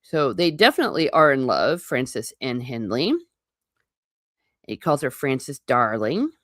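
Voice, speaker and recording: A woman's voice: very deep voice, sing-song, a little slow, no echo, clean studio sound. A woman hosting a live book reading, breaking in with chatty, wry asides. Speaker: book channel host.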